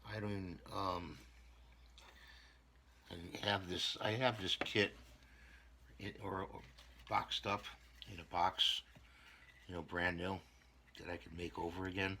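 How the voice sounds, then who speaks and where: A man's voice: sits low, level tone, takes it slowly, pauses often, pushed and bright, a little hiss or hum. A man hosting a casual hobby repair vlog, rambling and talking to himself as he glues models together. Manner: rambling, talks to himself while gluing. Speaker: channel host repairing models.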